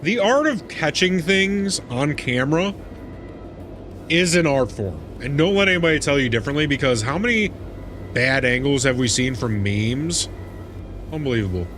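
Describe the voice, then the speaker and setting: A man live streaming a game, chatting casually and reacting excitably, laughing and swearing as he goes. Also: on the high side, normal speed, faint music behind. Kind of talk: casual chat while gaming.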